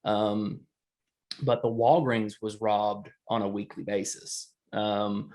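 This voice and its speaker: A man's voice: lowish voice, little pitch movement, takes it slowly, a little mellow. A man, co-hosting a casual chat and rambling through a story, laughing often. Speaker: podcast co-host.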